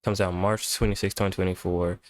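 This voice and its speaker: Young male reaction host, lower voice, rambling laid-back commentary, worn out. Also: little pitch movement, a little fast. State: tired. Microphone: webcam setup at home.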